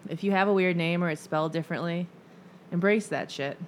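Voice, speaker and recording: A woman's voice: lowish voice, a little fast, a little hiss or hum. Blunt, casual young woman co-host. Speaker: podcast co-host. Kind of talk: casual chat.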